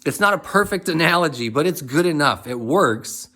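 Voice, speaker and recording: A man speaking in a reflective, rambling monologue, asking many questions and laughing softly now and then. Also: on the high side, animated, moderate pace. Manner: rambling, questioning, with frequent restarts and soft laughs. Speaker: motivational speaker.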